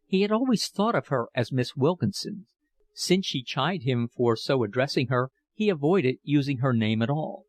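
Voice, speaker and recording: A man narrating a novel as an audiobook in a measured, expressive reading. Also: mid-range voice, dry recording.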